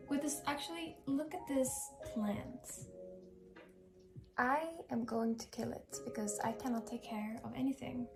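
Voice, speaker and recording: A woman's voice: a little high, unhurried, over music. Rambling young woman vlogging at home. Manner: rambling and self-deprecating, many fillers and restarts. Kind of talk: casual vlog chat. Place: indoors in a rented apartment.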